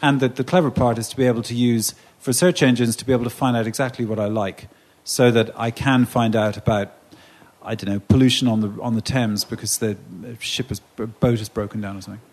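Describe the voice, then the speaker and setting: A man from England speaking on a conference panel, animated and conversational, often restarting his sentences. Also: medium pitch, a little fast. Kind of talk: panel discussion.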